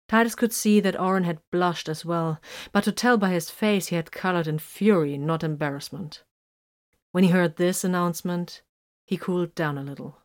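Brief: woman narrator, lowish voice, steady story reading. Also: normal speed.

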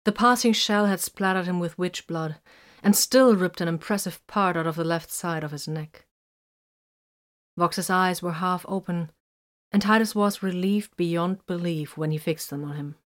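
A woman reading a story aloud in a steady, measured narration. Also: fairly low pitch.

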